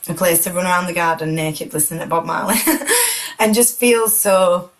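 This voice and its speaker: A woman's voice: fairly low pitch, low-quality recording. A woman, emotional and close to tears, talking earnestly and reflectively as a guest in a heartfelt conversation.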